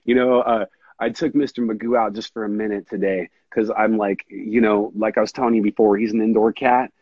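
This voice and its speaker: A man hosting a casual podcast talks in a long, earnest ramble and keeps calling his friend dude. His voice is husky, a little breathy at the edges. The recording sounds dull and dry, with little room around it. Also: fairly low pitch, fairly even intonation, fairly quick, no room sound. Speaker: podcast host. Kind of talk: casual chat.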